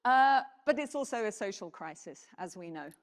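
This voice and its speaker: A woman giving a conference presentation, animated and putting questions to the audience. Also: medium pitch, moderate pace. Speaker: keynote speaker. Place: conference hall. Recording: reverberant hall.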